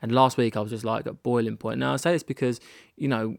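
A man's voice: medium pitch, steady tone, fast, gravelly, dry recording, studio quality. A young British man hosting his own podcast, talking candidly in a rambling way with frequent restarts and self-deprecating laughs, recorded in a rented holiday annex. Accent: British English. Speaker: podcast host. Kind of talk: candid solo podcast monologue.

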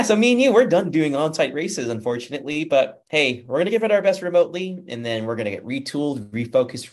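A man's voice: mid-range voice, darkish tone. A man in his thirties hosting a racing talk podcast, upbeat and rambling, often addressing listeners as folks. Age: 30s. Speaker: podcast host. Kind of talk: casual show wrap-up chat.

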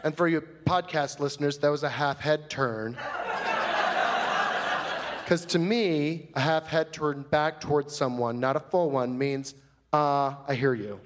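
A man's voice: fairly high pitch, measured pace, a little hiss or hum, lightly acted. A man playing a flamboyant, fussy character in a live comedy monologue, rambling in a prissy, gossipy way on a stage mic. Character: flamboyant, fussy, chatty man telling a grievance. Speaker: stand-up comic in character.

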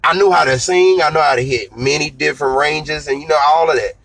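A man in his thirties, a singer being interviewed, telling his story in a relaxed, slangy, conversational way. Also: fairly high pitch, a little fast, poor audio. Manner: relaxed storytelling, slangy, repeats "you know what I'm saying". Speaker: singer and guest.

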